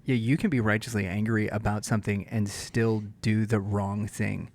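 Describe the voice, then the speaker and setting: A man's voice: fairly low pitch, steady tone, normal speed. Agreeable man chiming in on a podcast. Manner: agreeable, chiming in with short replies. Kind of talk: casual podcast chat.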